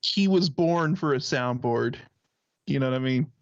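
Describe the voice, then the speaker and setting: A man's voice: medium pitch, moderate pace, dry recording. Rambling man co-hosting over a dull line. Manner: rambling, hedging with fillers, speculative. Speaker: co-host. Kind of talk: casual radio-show chat.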